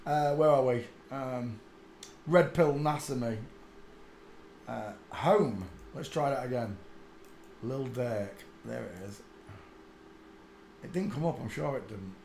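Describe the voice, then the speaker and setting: A man's voice: mid-range voice, a little mellow, a little hiss or hum. A man, rambling crudely through a casual live stream and mocking himself. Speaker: host. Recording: echoey room.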